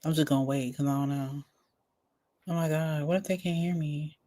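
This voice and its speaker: Woman streamer, lower voice, blunt and profane, talking to chat. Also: steady tone, moderate pace, mellow, no echo. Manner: profane, talks to chat and her cats. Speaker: streamer reacting to a video. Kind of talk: casual live-stream commentary.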